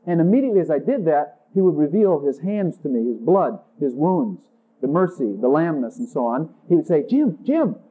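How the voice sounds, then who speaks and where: A man's voice: animated, a little fast, breathy edge. A man preaching a sermon in an intimate way, acting out conversations with Jesus. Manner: intimate, acts out dialogues with Jesus in a higher voice. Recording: tinny phone-like sound.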